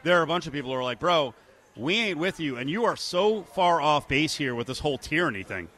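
A man hosting a casual talk radio show, animated and joking. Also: brisk. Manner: animated, mocks quotes in high voices, laughs.

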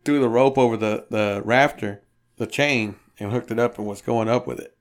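In a mid-range voice at a moderate pace, a podcast co-host narrates a story during casual conversation. He peppers it with swearing and animatedly performs the things people said.

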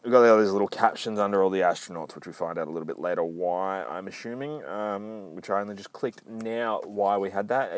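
A man's voice: on the low side, moderate pace, no room sound. A man casually recapping a comic book aloud, rambling with profane, self-mocking asides.

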